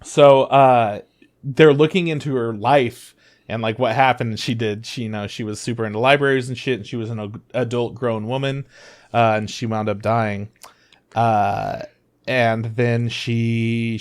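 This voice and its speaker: Brief: male podcast co-host, casual and animated, swears freely, peppers speech with fillers, mid-range voice. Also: mid-range voice, unhurried. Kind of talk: casual chat about anime.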